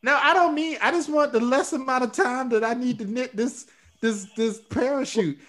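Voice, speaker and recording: A high-pitched woman doing improv comedy scenes. She talks in a breezy, cocky, playful way, pushing bits forward with confidence. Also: moderate pace, fairly bright tone.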